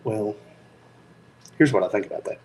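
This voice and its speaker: A man with a Tennessee accent hosting a casual livestream, talking slowly with lots of ums in an easygoing, joking way. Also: lowish voice, noisy background. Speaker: FPV drone channel host.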